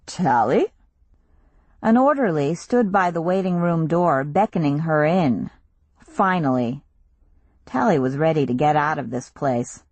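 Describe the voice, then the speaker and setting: Low, slow-reading woman narrator. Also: lively intonation, no echo. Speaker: audiobook narrator. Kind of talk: scripted audiobook narration.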